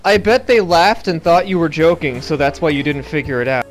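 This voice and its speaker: A man chatting casually on a gaming stream, rambling excitedly as he builds silly scenarios. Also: on the high side, a little fast, soft background music. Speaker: stream co-host. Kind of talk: casual chat while gaming.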